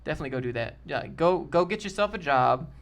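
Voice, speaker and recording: A man's voice: on the high side, expressive, fast talker, a bit bright. A man in casual live-stream chat, answering chat in a blunt, joking, brash way. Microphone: desk mic with a sock over it.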